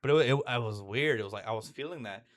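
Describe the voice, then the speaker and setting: A man's voice: medium pitch, fast. A young man in a candid, rambling monologue about his own feelings, full of restarts and fillers. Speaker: vlogger.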